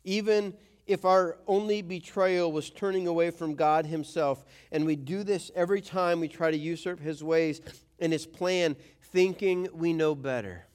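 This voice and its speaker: High-voiced man preaching a sermon. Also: steady tone, moderate pace, darkish tone, smooth. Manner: conversational, acts out quoted voices. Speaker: pastor.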